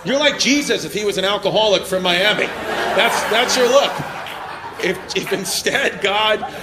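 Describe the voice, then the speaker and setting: Brash high-voiced comedian over crowd laughter. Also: male voice. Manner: brash, profane, laughing at his own jokes. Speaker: stand-up comedian. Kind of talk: stand-up crowd work. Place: comedy club stage before a laughing crowd. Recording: club mic with loud crowd laughter and room noise.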